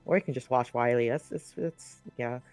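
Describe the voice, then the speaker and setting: A man's voice: mid-range voice, normal speed, darkish tone, clean tone. A man co-commentating an esports stream, rambling and joking, over background music. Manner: rambling, jokey, riffing.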